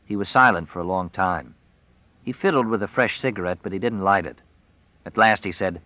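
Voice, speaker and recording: Low-voiced man narrating a novel. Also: fairly quick, no room sound, muffled recording. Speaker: audiobook narrator. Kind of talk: scripted narration.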